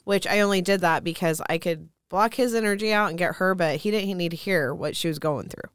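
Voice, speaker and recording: Frank, clear-voiced woman telling stories. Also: fairly low pitch, a little fast, no echo, clean studio sound. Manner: candid storytelling with frequent swearing. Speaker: spiritual reader, podcast guest. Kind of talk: casual chat.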